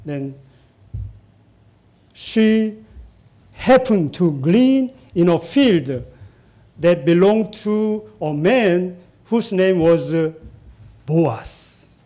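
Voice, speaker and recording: A man preaching a Bible teaching, speaking in a halting way with frequent pauses and repeated phrases. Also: high voice, animated, mellow.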